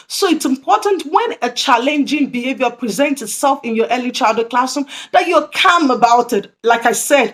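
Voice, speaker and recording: Woman with a high voice teaching preschool staff, keeps repeating the main point. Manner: earnest, repeats key points, acts out example phrases. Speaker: early childhood training presenter. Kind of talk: instructional talk to camera.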